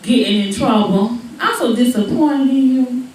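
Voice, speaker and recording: A woman voicing a disappointed father lecturing his daughter, slow and repetitive, in an echoey venue from far off. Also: on the high side, darkish tone, natural voice.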